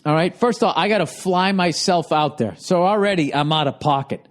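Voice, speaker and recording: A man's voice: on the high side, fairly quick. A man in his forties telling an exasperated, heavily profane comic story, his voice jumping up when riled. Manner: exasperated, swears constantly, voice jumps up when riled. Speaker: comedian.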